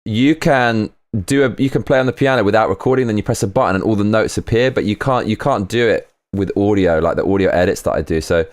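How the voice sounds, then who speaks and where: A man streaming live while producing a track, casual and excitable, reading chat aloud and swearing. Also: on the low side, quick pace, hardly any pauses. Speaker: streamer making music live.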